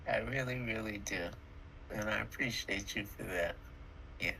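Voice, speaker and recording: A woman's voice: rumbling low, normal speed, vocal fry, bright, forceful tone, a little hiss or hum, low-quality recording. A woman in her sixties co-hosting a podcast, chatting in a reflective, affirming way with emphatic turns. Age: 60s. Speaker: podcast co-host. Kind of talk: casual chat.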